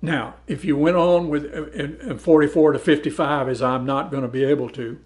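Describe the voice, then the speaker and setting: A man's voice: a little high, steady tone, moderate pace. Man teaching a Bible lesson. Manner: conversational, repeats words while explaining; reads verses aloud then comments.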